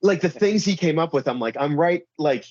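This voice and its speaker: A man's voice: on the high side, animated, brisk, darkish tone, a little hiss or hum. Man, wrestler guest, casual rambling chat, lots of fillers, slightly muffled recording. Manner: rambling, heavy use of "like" and "you know". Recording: slightly dull, dry recording.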